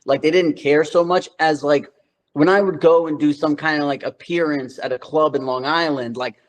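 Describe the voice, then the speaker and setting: A man's voice: a little high, steady tone, moderate pace, rough recording. A man in his thirties from New York, telling loose, slangy stories as an interview guest, with lots of filler words. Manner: loose, slangy storytelling full of "like". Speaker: guest, actor. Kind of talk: casual interview chat.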